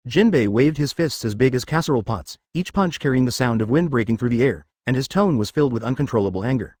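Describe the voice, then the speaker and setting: A man reading fan fiction aloud as scripted narration, in an even, quick storybook manner. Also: medium pitch, no echo, clean studio sound.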